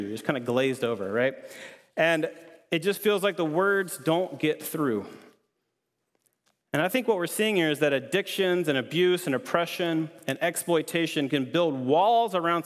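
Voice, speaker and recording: A man pastor preaching a sermon in an earnest, conversational way, repeating key lines for emphasis. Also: on the high side. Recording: long hall reverb.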